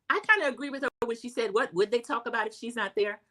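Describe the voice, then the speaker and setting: A woman's voice: fast, few pauses, pushed and bright. Chatty woman recapping a show. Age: middle-aged. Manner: chatty, acts out quotes in a high voice, says "y'all". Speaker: recap host. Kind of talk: casual recap commentary.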